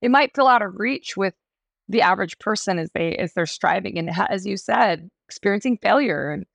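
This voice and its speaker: A woman hosts an interview podcast, gushing with praise and asking long, winding questions. Her voice has a gravelly fry, and the recording is dry and close. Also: mid-range voice, lively intonation, fairly quick, dry recording. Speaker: podcast host.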